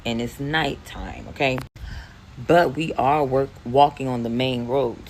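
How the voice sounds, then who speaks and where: A woman's voice: very deep voice, a little hiss or hum, low-quality recording. A woman in her forties from Philadelphia, telling a casual storytime with lots of swearing. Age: 40s. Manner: animated, profane, rambling.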